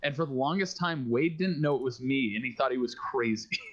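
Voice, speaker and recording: A man's voice: mid-range voice, moderate pace, a bit bright, lo-fi sound. A man telling stories in a casual late-night stream chat, often laughing as he rambles.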